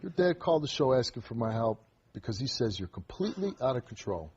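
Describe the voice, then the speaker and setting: A man's voice: medium pitch, sing-song, fast talker, a little mellow, dull audio, a little hiss or hum. A man hosting a confrontational talk show on a TV studio stage, scolding and commanding a teenage guest.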